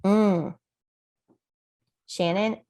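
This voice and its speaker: A woman's voice: mid-range voice, steady tone, very slow, mellow. A woman, a parent coach, leading a coaching discussion with questions and role-play over a video call.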